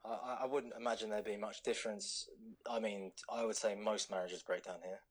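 A British man from London speaking as a podcast guest. His voice sits a little low, and he talks in an easygoing, hesitant way, full of "um" and "you know.". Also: fairly even intonation, brisk, rough recording. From London, England. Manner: easygoing, hesitant, many fillers. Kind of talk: casual podcast chat.

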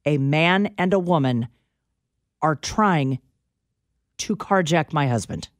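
A woman co-hosting a radio talk show, telling an anecdote in a dramatic, animated storytelling manner on a studio mic. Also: sits low, slow pace, no echo. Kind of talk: casual chat storytelling.

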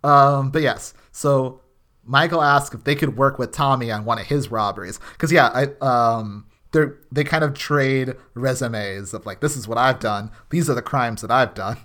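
A man's voice: mid-range voice, moderate pace, fairly bright tone. Guy cohost on a podcast, rambling casual recap, lots of likes and ums, medium voice. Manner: rambling recap with many fillers and restarts. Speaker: podcast co-host. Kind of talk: casual chat.

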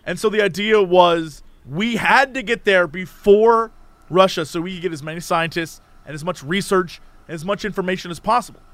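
A man's voice: high voice, moderate pace, fairly bright tone, no echo. A man co-hosting a podcast in casual chat, explaining history in an emphatic way. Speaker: podcast co-host.

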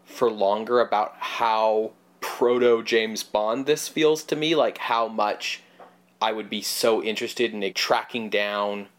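A man's voice: fairly low pitch, steady tone, slow pace. A man co-hosting a podcast, chatting casually and at length about films, rambling and swearing now and then. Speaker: podcast co-host. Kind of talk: casual film discussion.

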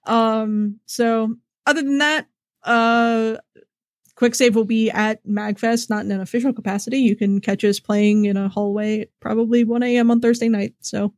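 A woman co-hosting a casual podcast, talking in a relaxed, conversational way. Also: on the high side, normal speed, dry recording, studio quality. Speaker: podcast co-host.

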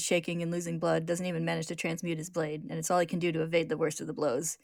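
A woman narrating a story recap in a lively, casual way, acting out the characters. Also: low-pitched, dry recording, studio quality. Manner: lively, brisk narration with acted voices.

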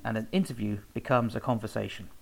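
A man's voice: lowish voice, steady tone, quick pace, vocal fry, husky, poor audio. A man telling research anecdotes in a casual, rambling way, with many fillers and self-corrections. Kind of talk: casual spoken talk about research.

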